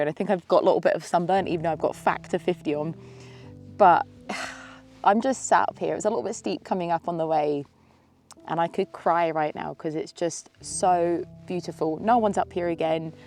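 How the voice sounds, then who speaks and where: A woman in her thirties vlogs to camera on a mountaintop, tearful with a snotty nose, sniffling, and sighing and laughing between sentences in an emotional, casual talk. Her voice is lowish and somewhat dark, at a moderate pace, with soft music in the background.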